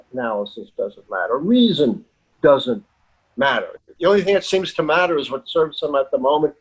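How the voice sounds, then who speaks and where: A man's voice: on the high side, low-quality recording. An older American man, a professor, giving emphatic, indignant answers in a TV interview. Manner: emphatic, indignant, rising to stress key words. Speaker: political science professor, guest.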